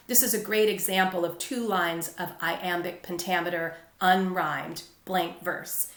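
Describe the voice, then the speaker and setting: Lit teacher lady explaining slow and clear, kinda low voice, roomy echo. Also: fairly even intonation, a bit bright. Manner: clear, patient explaining, with brief read-aloud quotes. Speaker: literature teacher. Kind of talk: explanatory video lesson.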